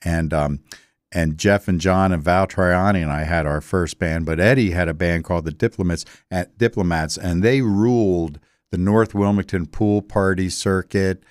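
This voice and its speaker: An older man from Delaware answers interview questions in a rambling, easygoing way, full of fillers and restarts. His voice sits very low. The sound is dry and close. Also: normal speed, no room sound. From Delaware, USA. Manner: rambling storytelling with many fillers. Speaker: interview guest. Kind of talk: casual interview.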